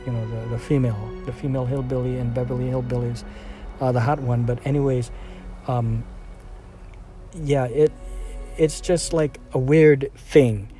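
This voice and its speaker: A man's voice: mid-range voice, mellow. A man giving a casual, rambling film review, full of fillers, restarts and trailing sentences.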